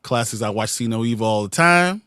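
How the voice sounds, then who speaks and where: A man's voice: mid-range voice, animated, a little fast, pushed and bright, clean tone, no room sound, clean studio sound. Man chatting loosely on a livestream. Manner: loose, joking, reads chat comments aloud. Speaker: livestream co-host. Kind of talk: casual chat.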